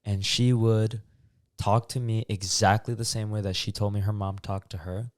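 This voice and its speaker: Low-voiced young man, chatty and rambling. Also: moderate pace, no room sound, studio quality. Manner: relaxed, rambling, many fillers. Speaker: podcast co-host. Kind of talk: casual chat.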